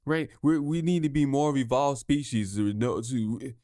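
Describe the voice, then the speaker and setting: A man's voice: mid-range voice, normal speed, warm tone, no room sound. Male podcast host, solo rant: heated, swears a lot, trips over words, dry close sound. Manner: heated, profane, stumbles and repeats himself.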